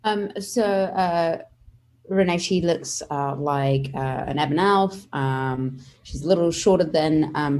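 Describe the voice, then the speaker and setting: A woman playing in a casual tabletop game, speaking haltingly with many fillers. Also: low-pitched, darkish tone. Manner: halting, many ums and likes. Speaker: player.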